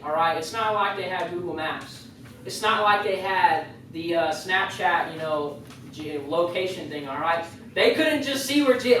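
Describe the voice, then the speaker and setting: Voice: medium pitch, a bit bright, a little hiss or hum. A youth leader giving a casual, joking sermon, full of rambling asides. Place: youth group meeting room. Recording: very echoey room, voice far from the mic.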